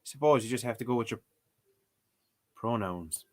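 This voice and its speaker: A man's voice: medium pitch, moderate pace, a little mellow. An Irish man giving joking, mock-outraged commentary while he works through a language-learning app. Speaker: streamer playing a language app. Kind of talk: casual comedic commentary.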